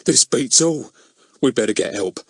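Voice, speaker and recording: A pompous village policeman blusters gruffly, played by a man as an audiobook narrator, in a voice close to the narrator's own. The sound is close and dry, with plenty of rise and fall in the pitch. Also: expressive, normal speed, no echo. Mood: scared.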